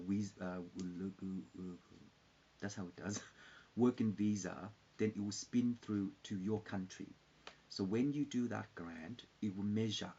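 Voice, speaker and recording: A man rambling in a loose, halting live-stream chat with viewers, full of fillers and restarts. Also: on the low side, a little mellow, breathy edge. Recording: dull lo-fi recording.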